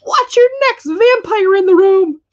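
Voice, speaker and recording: A woman voicing a rude, squawking male parrot with a shrill screech, in a dull lo-fi recording. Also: measured pace.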